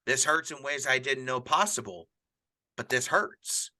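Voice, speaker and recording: Earnest and rambling, a middle-aged pastor who hosts a podcast discusses grief casually, restarting sentences often; he is widowed and grieving. He speaks at a measured pace in a bright, forceful, mid-range voice.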